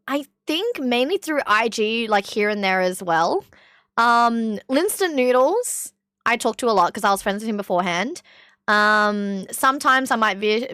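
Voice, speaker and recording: Young Australian woman streamer, bright voice, chatty and rambling, dry close sound. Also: a little high, smooth, no room sound. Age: young adult. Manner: chatty and rambling, laughs often. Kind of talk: casual chat, reacting to clips.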